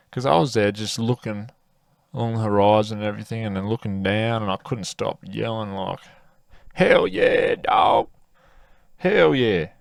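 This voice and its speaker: A man's voice: fairly low pitch, vocal fry, no echo, clean studio sound. A young man hosting a podcast, talking casually and rambling with lots of fillers. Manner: rambling, laid-back, many fillers. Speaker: podcast host. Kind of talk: casual solo podcast chat.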